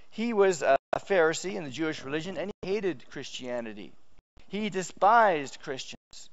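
A male pastor preaching a sermon, telling the story with lively emphasis and frequent restarts. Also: fairly high pitch, dull audio.

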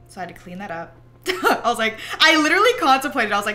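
A young woman chats away while she streams a game, rambling with plenty of "like" and laughing easily as she tells stories. Her voice sits a little high and sounds bright and forward. Her pitch swings widely from word to word. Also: measured pace, long pauses, faint music behind. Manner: chatty and rambling, heavy use of "like"; animated storyteller who breaks into laughter. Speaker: livestreamer. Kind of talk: casual chat while gaming.

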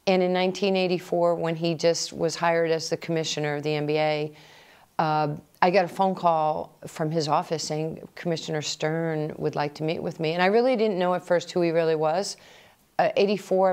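A middle-aged woman telling personal stories in an animated way, acting out remembered conversations. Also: deep voice, normal speed, smooth. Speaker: interviewee. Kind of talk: personal storytelling.

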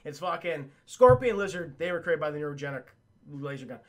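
A man recapping a cartoon episode for a live chat in a casual, profane, excitable way, laughing often. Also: on the high side, a little fast. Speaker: cartoon reviewer streaming to chat.

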